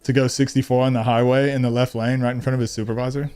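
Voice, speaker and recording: A man's voice: mid-range voice, flat delivery, fast talker, darkish tone, clear, resonant tone. A man streaming a game, chatting casually and teasing his viewers with frequent laughs. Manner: playful, teasing, laughs often. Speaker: gaming streamer.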